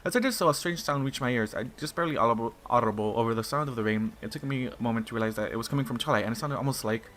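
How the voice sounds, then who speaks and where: Man reading fan fiction aloud, casual, quick, bright tense voice, faint background noise. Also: mid-range voice. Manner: casual, stumbling, swearing in asides. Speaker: narrator.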